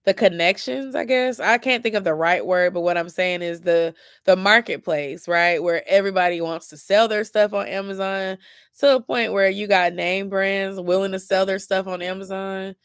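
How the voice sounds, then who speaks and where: A young woman chats late at night with her viewers, drowsy and rambling. Her talk is loose and informal, with a mid-range pitch. The sound is dry and close. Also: fairly even intonation, moderate pace, smooth, no echo. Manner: chatty, rambling, informal slang. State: sleepy, yawning. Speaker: lifestyle vlogger.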